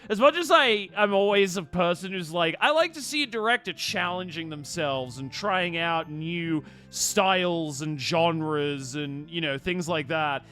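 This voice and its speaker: Male streamer, somewhat high, bright voice, loose and rambling chat full of swearing, faint game music underneath. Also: a little slow, hardly any pauses, clean tone. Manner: rambling, swears freely, animated. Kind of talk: casual live-stream chat.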